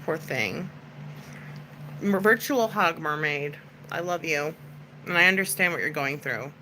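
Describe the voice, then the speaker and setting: Low, bright-voiced chatty woman. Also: animated, measured pace, a little hiss or hum, low-quality recording. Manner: chatty, comforting, lots of "like" fillers. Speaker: livestream host chatting with viewers. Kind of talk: casual livestream chat.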